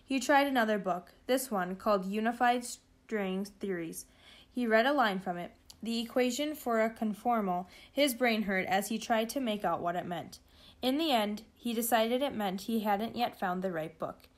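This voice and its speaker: A woman's voice: a little high, moderate pace. Woman reading a storybook aloud. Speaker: reader.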